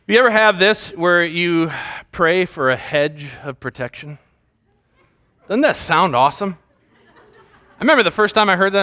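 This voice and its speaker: A man's voice: high-pitched, expressive, normal speed, bright, forceful tone. A man preaching a sermon as pastor, joking and mimicking how people pray.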